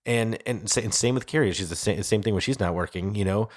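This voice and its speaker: A man's voice: on the low side, quick pace. Exasperated man in his thirties ranting. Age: 30s. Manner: exasperated storytelling, swearing, voice jumping up when quoting himself. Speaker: podcast co-host. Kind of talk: casual chat.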